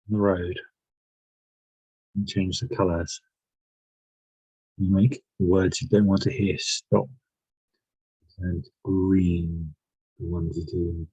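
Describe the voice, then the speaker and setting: A man's voice: deep voice, darkish tone, breathy edge, dry recording, rough recording. A man leading a self-help workshop, talking through guided reflection with many questions and restarts. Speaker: workshop leader.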